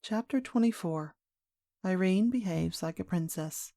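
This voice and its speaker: A woman's voice: lowish voice, dark tone, dry recording, studio quality. Woman reading a children's classic aloud. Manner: clear, measured storytelling. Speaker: storyteller. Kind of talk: audiobook narration.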